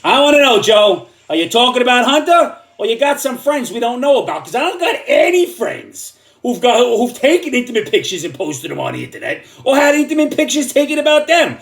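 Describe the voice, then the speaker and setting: A man's voice: very high-pitched, sing-song, fairly quick, gravelly, fairly bright tone. An older man delivering an angry, sarcastic comedic rant, often repeating words as he gets worked up. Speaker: comedic commentator.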